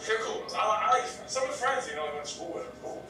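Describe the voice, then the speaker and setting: Animated man telling a story in an echoey room. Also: fast, far from the mic, music in the background. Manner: animated storytelling, acts out quotes, blunt and profane. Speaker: guest. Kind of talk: casual podcast interview. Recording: echoey room, off mic, faint rumble.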